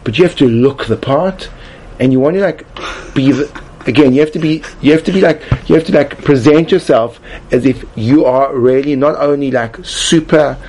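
In a mid-range, slightly mellow voice and at a moderate pace, a man delivers a joking, mock-instructional class. It meanders with restarts, repetitions, and frequent use of "like." A bit of hiss or hum sits in the recording.

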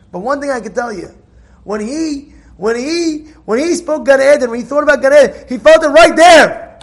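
A man giving an informal Torah lesson, telling stories animatedly with repeated phrases and acted-out dialogue. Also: extremely high pitch.

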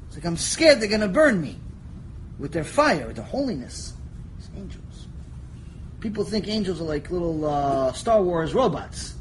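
A man teaching a Torah lecture, animated storytelling that jumps between quiet asides and shouted lines, joking with his listeners. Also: high-pitched, moderate pace, slight background noise, poor audio. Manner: animated storytelling, acts out voices, jokes, shouts for emphasis. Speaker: rabbi teaching a lecture series.

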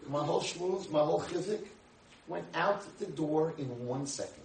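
Man in his sixties, rabbi, comic storytelling lecture, fairly high voice, distant mic, faint hiss. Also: normal speed, gravelly. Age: 60s. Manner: animated, jokey storyteller acting out dialogue. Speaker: rabbi and speaker. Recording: echoey room, from far off, faint hiss.

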